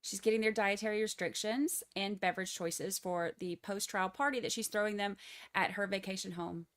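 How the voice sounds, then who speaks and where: A woman's voice: mid-range voice, fairly even intonation, moderate pace. Woman, Texas accent, chatty livestream host with a mid-range voice who talks straight to her viewers. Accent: Texan. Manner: chatty, joking asides to viewers. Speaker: livestream trial commentator. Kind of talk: casual live-stream commentary.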